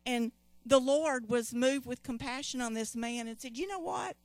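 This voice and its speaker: A woman's voice: a little high, fairly even intonation, normal speed, smooth, dry recording. A woman preaching a sermon, emphatic and repeating key phrases, calling on the congregation to respond.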